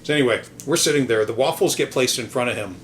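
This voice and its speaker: A man's voice: mid-range voice, quick pace, a bit bright, a little hiss or hum. A man hosting a podcast, telling a casual story in a rambling, hesitant way, full of ums and restarts, with some casual swearing. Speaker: podcast host.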